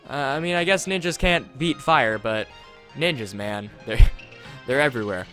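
A man's voice: medium pitch, normal speed, sharp tone, soft background music. A man rambling and joking while commentating a video game playthrough. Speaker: let's play host. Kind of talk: gameplay commentary.

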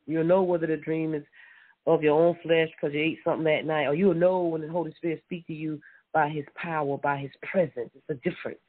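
Husky preacher on a tinny phone line. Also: mid-range voice, fairly even intonation, fairly quick. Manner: repeats words and restarts, affirms with mm-hmm. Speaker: Bible teacher. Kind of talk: informal sermon with scripture reading.

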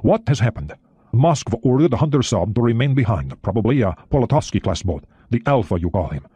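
A man voicing a seasoned, commanding Soviet submarine captain who talks deliberately in an audiobook reading. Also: medium pitch, animated, dark tone, slightly rough, no echo. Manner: commanding, deliberate, with small hesitations.

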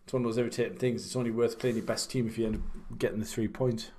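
A man's voice: medium pitch, flat delivery, quick pace, a little mellow. A young man, casually chatting and rambling while commentating on his own game. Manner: rambling, chatty, self-deprecating. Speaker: streamer.

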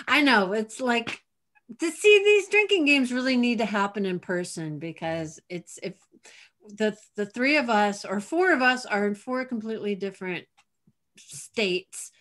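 A woman hosting a casual talk show over a video call, chatty and quick to laugh. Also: fairly high pitch, animated, fairly bright tone. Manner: giggly, bubbly, quick to laugh. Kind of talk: casual chat.

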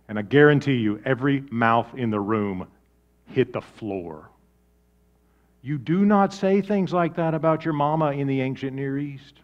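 Lively preaching man, muffled sound. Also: unhurried. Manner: lively preaching with big swings in volume; drops to quiet, low emphasis. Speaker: pastor. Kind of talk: sermon.

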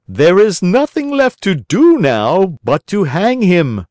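A man doing high, mocking storybook assassins. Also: very animated, takes it slowly, a little mellow, no room sound, clean studio sound, full character voice. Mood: grim. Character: menacing male assassins, mocking and cruel.

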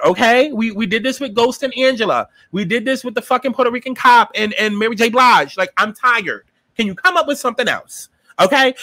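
A man recaps a TV episode in a high, bright voice that swoops up and down with dramatic, sassy energy. He swears freely and acts out his own reactions in a dry, close sound. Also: no room sound. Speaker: TV episode reviewer. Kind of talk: casual profane recap and review.

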